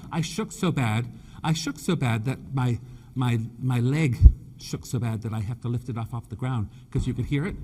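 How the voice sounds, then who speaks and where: Man, husky voice, campy chatty stage presenter with a slight stutter. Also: medium pitch, dark tone. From Nova Scotia, Canada. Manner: chatty, teasing, camp humor, calls people honey and dear; stutters a bit. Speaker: floral designer presenter. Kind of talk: live stage demonstration talk. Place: main stage at a trade show.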